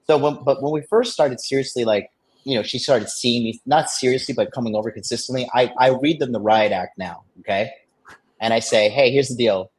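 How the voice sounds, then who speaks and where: A man in relaxed chat with a mid-range voice, spinning a long anecdote. He brags and swears freely and rambles through fillers and false starts. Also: mid-range voice, brisk, breathy edge. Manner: loose, rambling, full of fillers and restarts. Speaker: storyteller in a men's dating discussion. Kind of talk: casual storytelling.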